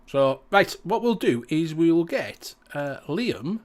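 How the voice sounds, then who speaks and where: A man's voice: a little high, big pitch swings, slow pace. Laughing Yorkshire man hosting a live stream. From Yorkshire, England. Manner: jokey, laughing, swears, broad dialect. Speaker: host. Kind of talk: casual live-stream chat.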